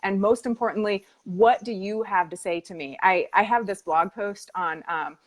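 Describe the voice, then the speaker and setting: A woman's voice: medium pitch, moderate pace. A woman co-hosting a live faith-based weight loss coaching chat, talking in an earnest, confessional way.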